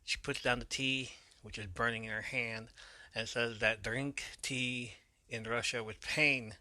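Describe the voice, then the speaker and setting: A man's voice: medium pitch, fairly even intonation, a little slow, pushed and bright, no room sound. A man hosting a podcast, casually recapping an episode in a loose manner, swearing now and then and correcting his own slips. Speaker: podcast host.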